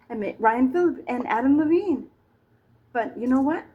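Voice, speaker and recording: Rambling, high-voiced middle-aged woman. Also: normal speed, breathy edge, phone-quality sound. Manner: chatty, scattered, self-mocking asides. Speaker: vlogger. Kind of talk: rambling comic monologue.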